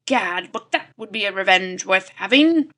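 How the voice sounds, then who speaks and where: A woman's voice: mid-range voice, animated, normal speed, a bit bright, close to an everyday voice. A woman reading the part of an angry, scornful former millionaire who blusters about revenge. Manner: derisive, blustering.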